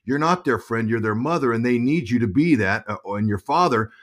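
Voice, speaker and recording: A middle-aged man, a former ballplayer, telling stories as an interview guest in a lively, halting way that often repeats words. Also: medium pitch. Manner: animated storyteller, repeats words while thinking. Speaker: guest, former pro baseball player and broadcaster. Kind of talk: casual interview storytelling.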